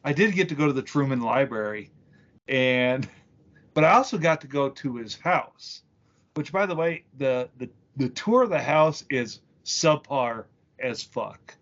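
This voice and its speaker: A man's voice: mid-range voice, lively intonation, unhurried, fairly bright tone, dull audio. Casual cursing man telling stories on a podcast. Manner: casual, profane storytelling. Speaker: podcast co-host. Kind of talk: crude comedic podcast banter.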